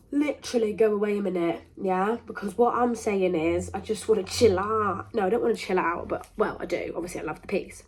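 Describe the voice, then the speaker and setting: A woman's voice: medium pitch, a little fast, few pauses. A young woman hosting a podcast, talking in a rambling, emphatic, self-interrupting way. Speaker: podcast host. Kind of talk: casual monologue to camera.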